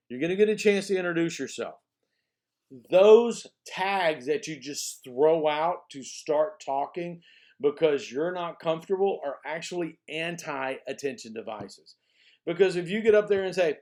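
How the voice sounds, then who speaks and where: A man's voice: a little high, expressive, normal speed, a little mellow. A man teaching a college speech class in a recorded lecture, talking casually and stressing key words by repeating them, often checking in with "okay?". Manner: conversational, frequent "okay?" check-ins.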